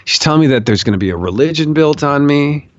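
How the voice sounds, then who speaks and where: A man's voice: on the high side, animated, fast, dry recording. A man as a podcast guest, telling a story in an emphatic, profane way and repeating phrases for stress. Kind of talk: conversational storytelling. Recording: dull, muffled podcast audio.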